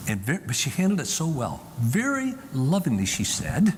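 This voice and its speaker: A man's voice: mid-range voice, huge pitch swings, moderate pace, big-room sound, a little hiss or hum. A man giving an emphatic public talk from a stage to a live audience, often repeating key lines for effect. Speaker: Christian speaker.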